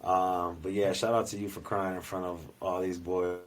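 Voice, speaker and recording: A man's voice: deep voice, level tone, normal speed, poor audio. A man co-hosting a podcast in casual chat, talking loosely with slang and swearing freely. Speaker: podcast co-host and youth coach.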